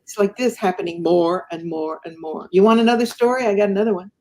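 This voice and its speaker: A woman guest with a mid-range voice and quick pace tells a personal story in a conversation. She's animated and acts out the voices of the people in it.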